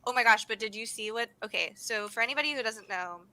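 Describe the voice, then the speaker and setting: A woman's voice: fairly high pitch, fast talker, sharp tone, a little hiss or hum, poor audio. A young American woman co-hosting a casual livestream, bubbly, laughing often and exclaiming as she chats. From United States. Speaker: co-host.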